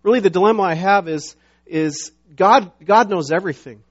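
Man, pastor, middle-aged, sermon, chatty and halting, slightly high voice, dull lo-fi sound. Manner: conversational, halting with restarts and fillers, emphatic when reading scripture.

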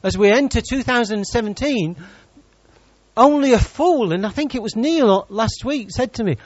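Lively, high-pitched preacher. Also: male voice, normal speed, no room sound, dull audio. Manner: lively, teasing preacher who jokes with the congregation. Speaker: pastor. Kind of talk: sermon.

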